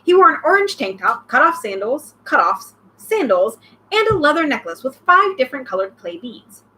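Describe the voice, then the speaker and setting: A young woman reading a novel aloud, breaking off with excited comments about the myths. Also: sits high, moderate pace, a little hiss or hum, poor audio. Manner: excited outbursts between read passages. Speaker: reader, channel host.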